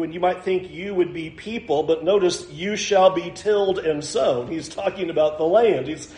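A man's voice: a little high, normal speed, few pauses, darkish tone, echoey room. A male pastor preaching a sermon, reading scripture aloud and explaining it verse by verse.

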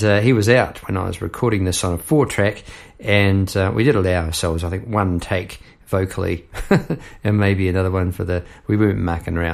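A middle-aged man talks over his songwriting in a loose, rambling way, full of fillers and asides. His voice sits low with a rough, gravelly fry. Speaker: podcast host and songwriter. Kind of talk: reflective casual talk.

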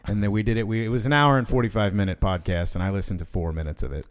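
A man's voice: on the low side, steady tone, very fast. A man hosting a podcast, talking casually with a jokey, self-deprecating manner into a studio mic. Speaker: podcast host and singer. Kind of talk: casual chat. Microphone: studio microphone with headphones.

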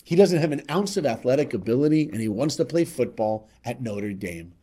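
A man's voice: mid-range voice, animated, a little fast, slightly rough. Man telling a motivational story. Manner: dramatic, swinging between loud emphasis and quiet asides; speaks straight to listeners. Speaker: podcast guest.

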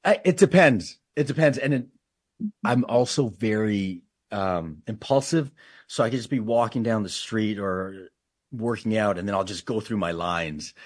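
A man's voice: sits low, breathy edge, dry recording, clean studio sound. A man, an actor guest, chatting casually in an interview, joking about himself and laughing often. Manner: laughing, self-deprecating, animated.

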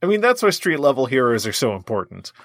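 A man's voice: mid-range voice, sing-song, fast, fairly bright tone, no echo. Joking podcast co-host man, dry sound. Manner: joking, rambling with frequent "like". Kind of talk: casual podcast chat.

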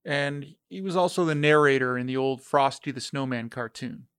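A man narrating a story read from a letter, steady and reflective. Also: mid-range voice, normal speed, clear, resonant tone, no room sound, studio quality.

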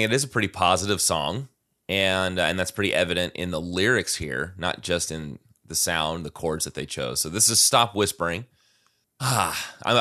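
A man's voice: low-pitched, bright, forceful tone. A man co-hosting a casual talk show, reading song lyrics aloud and thoughtfully picking them apart with plenty of fillers. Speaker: podcast co-host discussing song lyrics. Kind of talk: casual conversational analysis.

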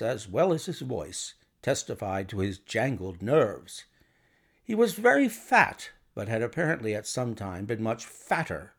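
A man narrating a classic short story in a measured storytelling manner. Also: medium pitch, gravelly, fairly bright tone. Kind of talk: scripted audiobook narration.

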